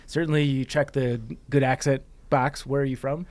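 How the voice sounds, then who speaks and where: A man hosting a podcast, asking questions in a relaxed, joking way. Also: medium pitch, normal speed. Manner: upbeat, joking. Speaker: podcast host. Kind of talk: casual interview chat.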